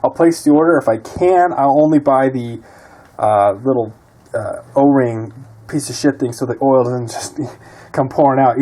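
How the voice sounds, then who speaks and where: A man's voice: medium pitch, normal speed, mellow. A man talking casually while repairing a quad in his garage, muttering and cursing often. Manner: profane, frustrated muttering. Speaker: DIY mechanic vlogger.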